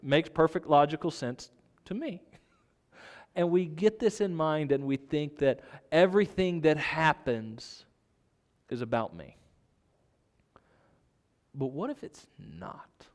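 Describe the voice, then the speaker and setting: A man's voice: a little high, expressive, slow, long pauses, a little mellow, big-room sound. A man preaching a sermon in a conversational way, asking his listeners rhetorical questions. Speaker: pastor.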